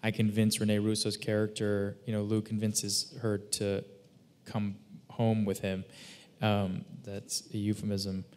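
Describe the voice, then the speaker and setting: A man's voice: on the low side, monotone, unhurried, heavy background noise. A man, a talk show guest, joking casually and breaking off mid-sentence to rephrase.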